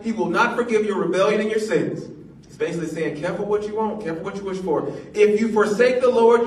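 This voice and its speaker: A man in his forties, a pastor telling a funny story in a sermon, playful and laughing often. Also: high-pitched. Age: 40s. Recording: echoey room, mic at a distance.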